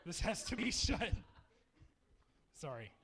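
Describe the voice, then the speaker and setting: A man in his thirties from Texas, speaking to campers in a dark meeting hall, telling jokes and stories in a chatty way. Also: high voice, sing-song, takes it slowly, creaky, noisy background. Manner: joking, chatty storyteller. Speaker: youth camp speaker. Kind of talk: humorous youth talk to campers.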